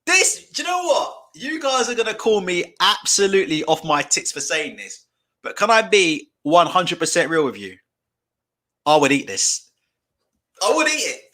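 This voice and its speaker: A man hosting a live stream, with a high, bright voice that swings up and down as he reacts. He swears freely and breaks into laughter often. He speaks into a desk mic at his computer. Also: sing-song, normal speed.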